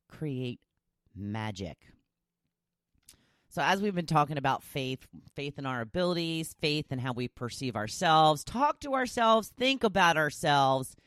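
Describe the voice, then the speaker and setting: A woman's voice: low-pitched, fairly bright tone, no echo, clean studio sound. A woman hosting her own podcast, chatting casually and teasing herself, then turning encouraging and motivational. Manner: chatty and self-teasing, jokes and laughs at herself. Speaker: podcast host. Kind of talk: casual solo podcast monologue.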